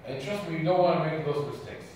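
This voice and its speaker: Camp speaker, male, from Sudan, higher-pitched, echoey hall recorded from afar. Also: fast talker, darkish tone, a little hiss or hum. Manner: engaging, asks audience questions. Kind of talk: religious talk to youth. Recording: echoey hall, distant mic.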